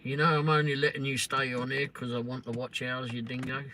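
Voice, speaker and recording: A middle-aged English man hosts a live stream over noisy audio, his medium-pitched voice steady, a little fast, pushed, and bright. He replies to live comments in casual, sarcastic chat, swearing and teasing trolls.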